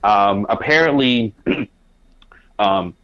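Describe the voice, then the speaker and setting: A man, a podcast guest, telling a casual anecdote with lively quoted asides. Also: lowish voice, very slow. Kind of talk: casual storytelling. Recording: dull lo-fi audio.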